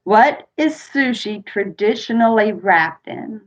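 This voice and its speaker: Slow-talking woman hosting stream trivia. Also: mid-range voice. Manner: chatty, laughs often, reads questions aloud. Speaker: livestream trivia host. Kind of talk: casual live-stream chat. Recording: dull lo-fi stream audio.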